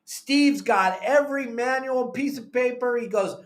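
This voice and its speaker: A man's voice: very high voice, a little slow. A man with a Southern Californian accent, casually telling a long story on a podcast and acting out what others said. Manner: animated, acts out quotes of others.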